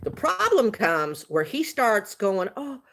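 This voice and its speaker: A woman telling a story on a casual livestream, animated and chatty, laughing often. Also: medium pitch, normal speed, slight background noise. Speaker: vlogger.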